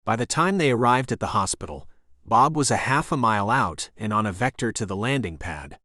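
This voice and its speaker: Steady male audiobook narrator, dry sound. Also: fairly low pitch, brisk, dry recording. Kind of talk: scripted thriller narration.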